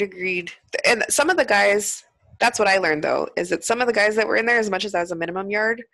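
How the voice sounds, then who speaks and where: A woman's voice: mid-range voice, gravelly, a bit bright, no room sound. Blunt, profane woman telling stories. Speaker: guest, former prison teacher. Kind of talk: casual podcast chat.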